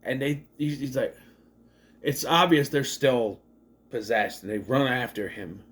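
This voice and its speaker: In an unhurried, mid-range voice, a man gives a casual movie recap and review. He gets animated, curses, and makes fun of the scenes by putting on exaggerated voices.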